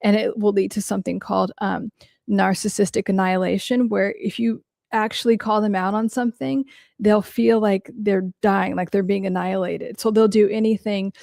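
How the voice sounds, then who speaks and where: Woman with a gravelly, creaky voice doing a casual mental health podcast, blunt, swears a lot, dry close sound. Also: medium pitch, steady tone, moderate pace, darkish tone, dry recording. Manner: blunt and frank, swears casually, heavy use of "like". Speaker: mental health podcast host who works with clients. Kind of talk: casual podcast talk answering listener questions.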